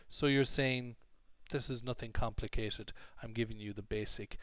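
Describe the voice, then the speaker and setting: A man with an English accent teaching vocabulary in an online lesson, explaining clearly and emphatically with many repeated examples. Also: on the low side, steady tone, normal speed, a bit bright, dry recording.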